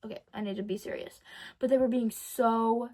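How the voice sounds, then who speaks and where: Teen girl ranting in a diary vlog, high voice, jumps all over the place, keeps correcting herself. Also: moderate pace. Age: teens. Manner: animated storytelling, dramatic ups and downs, self-correcting. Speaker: vlogger.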